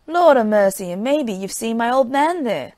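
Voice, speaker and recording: A woman's voice: medium pitch, animated, moderate pace, vocal fry, darkish tone. A woman voicing a gullible, chattering farmer's wife in a storybook reading. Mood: fussy. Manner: fussy, exclaiming.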